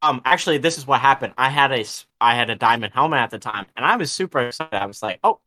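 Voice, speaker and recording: A man's voice: mid-range voice, animated, fast, bright, forceful tone, no echo. A young man co-hosting a podcast, rambling through a gaming story in casual chat and swearing freely. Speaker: podcast co-host.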